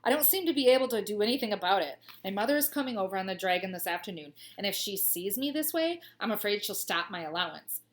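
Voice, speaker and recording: A woman's voice: medium pitch, animated, quick pace, few pauses, lightly acted. Woman doing a blustering grumpy lion. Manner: loud, blustering, whiny. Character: grumpy fussy male lion, young, vain.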